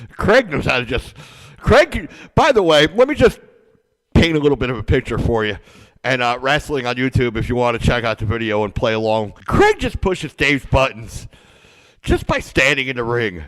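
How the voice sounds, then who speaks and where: A man's voice: medium pitch, big pitch swings, normal speed, fairly bright tone. Hyped-up male wrestling podcast host. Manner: hyped, playful and sarcastic. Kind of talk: casual wrestling podcast chat.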